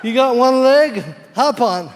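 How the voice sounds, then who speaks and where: High-voiced man doing deadpan stand-up. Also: unhurried. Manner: deadpan, self-mocking, punchy delivery. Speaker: stand-up comedian. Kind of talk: stand-up comedy set. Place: large theater stage before a live audience. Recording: reverberant hall with loud crowd noise.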